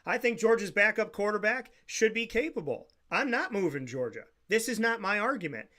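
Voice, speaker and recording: A man's voice: sits high, big pitch swings, normal speed, bright, forceful tone. A man co-hosting a sports talk show, insistently repeating his point in a heated debate.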